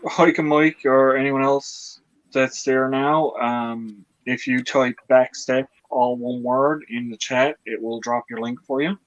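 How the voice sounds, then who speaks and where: A man's voice: medium pitch, steady tone, slow pace, no echo. A man hosting a live stream, casually giving viewers practical instructions for the chat. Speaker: stream host. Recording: dull dry sound.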